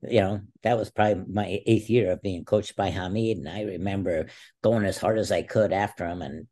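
A man in his sixties, a podcast guest, telling animated stories and acting out quotes. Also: sits low, moderate pace. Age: 60s. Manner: animated storyteller who acts out quotes. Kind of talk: casual interview storytelling.

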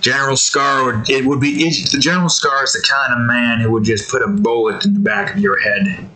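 A young man casually narrating a dice-driven escape story while drawing, rambling with fillers and sudden jumps up in pitch. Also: brisk, sharp tone, low-quality recording.

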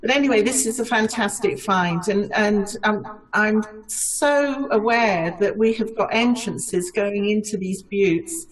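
A woman's voice: medium pitch, measured pace, hardly any pauses, recorded from a distance, poor audio. A woman on a video call, earnestly giving her view as a panelist with many fillers. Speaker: conference panelist. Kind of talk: casual video call discussion.

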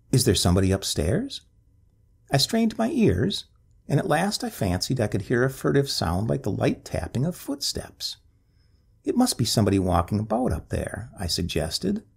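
A man's voice: medium pitch, vocal fry, a little mellow, husky. A man reading a ghost story aloud as scripted narration, with a dramatic, swooping delivery.

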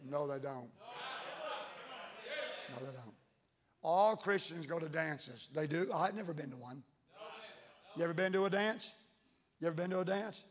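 A pastor preaches in a folksy, emphatic manner, his voice pitched a little high. He drops into low, intense tones to press a point. The sound carries a long reverb from the church hall. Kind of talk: sermon. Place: church sanctuary.

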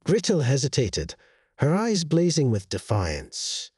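A man narrating a horror story in a slow, grave storytelling manner with lively intonation, in a dry, close studio voice-over. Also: on the low side, breathy edge, dry recording.

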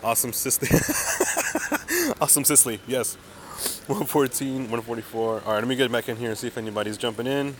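A man's voice: mid-range voice, sing-song, a little fast, fairly bright tone, slight background noise. A young man live-streaming a mobile game outdoors on a city street, chatting to viewers in a hyped, slangy way and calling everyone dude and man.

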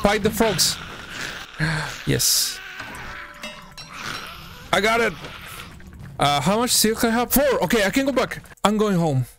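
A young man streaming a survival game, commenting live, excitable, yelping and talking to the creatures on screen. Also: high-pitched, takes it slowly, pauses often, slight background noise. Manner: excitable, yelps and talks to the game. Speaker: gaming streamer.

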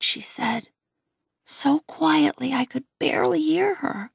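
A woman reading a first-person novel aloud in a quiet, gentle voice that often drops near a whisper. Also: high-pitched, slow, creaky, no room sound, studio quality. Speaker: audiobook reader.

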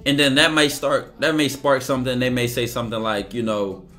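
A man's voice: mid-range voice, steady tone, brisk, fairly bright tone, soft background music. A man talking casually and emphatically on a livestream, acting out bits of dialogue as he goes. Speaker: streamer. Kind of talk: livestream monologue.

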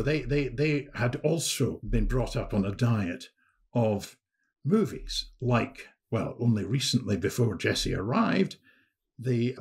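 A man, a historian guest on a podcast, telling a story in a lively anecdotal way with frequent restarts. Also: mid-range voice.

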